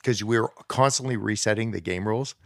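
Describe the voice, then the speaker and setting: A man talking as a guest on a podcast, telling stories with bursts of excitement. His voice sits low with a gravelly edge, and the recording is dry and close. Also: a little fast, no echo. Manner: animated storyteller who jumps into high, excited voices. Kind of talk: casual conversation.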